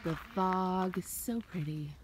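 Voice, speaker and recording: A woman's voice: fairly low pitch, a little slow, noisy background. A woman vlogging outdoors on her farm on a foggy morning, a bit winded from carrying a heavy grain bag, talking with enthusiasm. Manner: enthusiastic, lively, a little breathless. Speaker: homesteader vlogger. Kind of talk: casual outdoor vlog narration.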